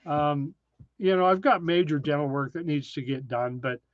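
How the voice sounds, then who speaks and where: A man's voice: on the high side, moderate pace, dry recording, lo-fi sound. A man hosting a casual live stream from his cabin, chatting and answering viewer comments with lots of ums. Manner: chatty, reads viewer names, frequent ums. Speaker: live-stream host reading chat. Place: tiny desert cabin, indoors.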